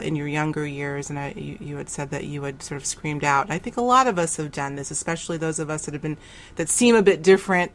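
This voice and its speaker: A woman with a low voice hosts a radio interview. She talks reflectively, pausing and restarting as she shapes her questions. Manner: warm, reflective, halting with restarts. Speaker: radio host.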